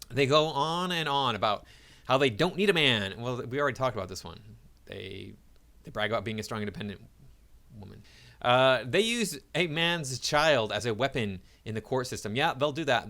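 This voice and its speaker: A man's voice: lowish voice, fairly bright tone, clean tone. A man reads items from a list aloud and comments on each in an opinionated way, chuckling often between remarks. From United States.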